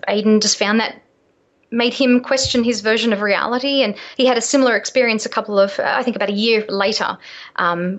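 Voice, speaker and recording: A woman's voice: medium pitch, highs cut off. A woman, an author guest on a radio show, telling stories in a hesitant way with many fillers. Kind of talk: interview storytelling.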